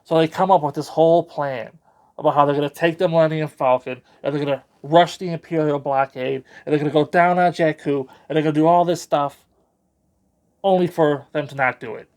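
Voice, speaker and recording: A man's voice: fairly high pitch, fairly even intonation, fairly quick, darkish tone. A man giving a casual, rambling spoken book review with a sarcastic edge.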